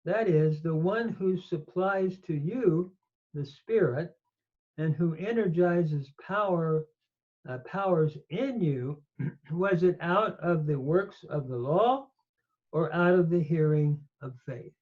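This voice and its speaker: In dull-sounding audio, a man whose voice sits a little high teaches Greek grammar from scripture as a Bible teacher. His explanation of verb forms is slow and methodical, proceeding one step at a time and sprinkled with fillers.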